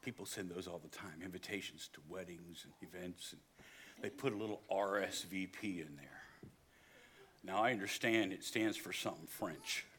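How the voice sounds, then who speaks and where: An older man from West Virginia with a West Virginian accent, preaching a sermon that swings from hushed storytelling to loud, emphatic preaching. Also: low voice, moderate pace, slight background noise. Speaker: pastor.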